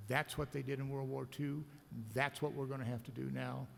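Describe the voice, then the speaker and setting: A man's voice: mid-range voice, flat delivery, moderate pace, gravelly, hardly any pauses. A man, an agricultural lawyer, giving a blunt, combative, sardonic conference speech to a room of listeners. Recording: reverberant conference hall.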